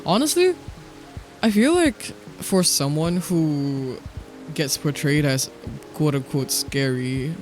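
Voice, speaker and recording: A male streamer chatting casually while playing a game, excitable and quick to swear, sometimes reading the game's dialogue aloud. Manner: chatty and excitable, jumps high in pitch when surprised, swears casually. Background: faint background music.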